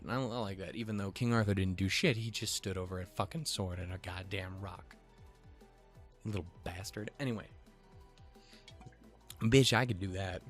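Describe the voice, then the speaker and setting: A young man with a lowish voice rambles through a casual episode recap. He swears constantly and drifts into joking tangents. Faint music plays behind him. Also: a bit bright. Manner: rambling, profane, jokey asides. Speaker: video reviewer.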